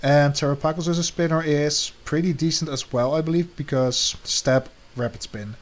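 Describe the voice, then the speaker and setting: A man co-hosting a casual chat, talking relaxed and letting his sentences trail off softly. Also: a little high, normal speed. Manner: relaxed, trails off with soft endings. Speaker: co-host ranking draft teams.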